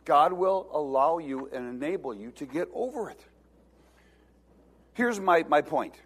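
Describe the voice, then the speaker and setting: A high-pitched man preaching a sermon at an unhurried pace. He exhorts his congregation and has them repeat his words, swinging from soft to emphatic. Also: animated, breathy edge. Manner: preaching with rising emphasis, at times shouting. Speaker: pastor.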